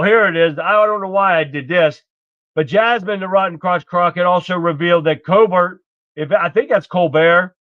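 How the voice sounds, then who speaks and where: A man's voice: sits high, a bit bright, no room sound. Indignant male livestream host, lo-fi audio. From United States. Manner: blunt, indignant, rambling, swears freely. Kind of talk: casual political commentary. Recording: dull lo-fi stream audio.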